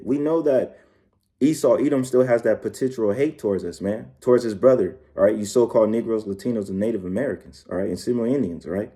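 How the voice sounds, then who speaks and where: A man's voice: fairly low pitch, mellow. A man teaching scripture in a loose, casual way, ending his phrases with "all right" and "man", with many fillers and restarts. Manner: reads verses slowly. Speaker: preacher.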